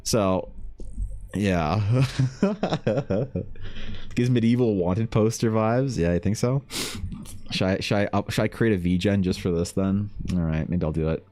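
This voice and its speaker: A man from Canada with a fairly low voice talks loosely through an art livestream. He rambles, swears freely and reads viewer comments aloud as he works, with soft music playing quietly behind him. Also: a little slow, long pauses. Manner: rambling, profane, reads chat aloud while drawing. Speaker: artist streamer. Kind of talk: casual livestream chat.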